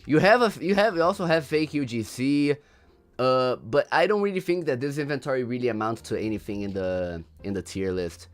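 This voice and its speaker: Animated young Brazilian streamer. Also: male voice, medium pitch, fairly quick, soft background music. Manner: laughs often, slangy, repeats himself. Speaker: livestream host. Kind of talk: casual livestream commentary.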